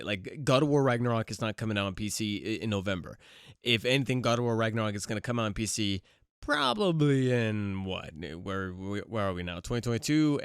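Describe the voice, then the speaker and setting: A man's voice: mid-range voice, clean tone, dry recording, clean studio sound. A man hosting a podcast, chatting casually and rambling with lots of fillers and restarts, getting over a cold. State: recovering from a cold. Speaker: podcast host. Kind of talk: casual solo podcast chat.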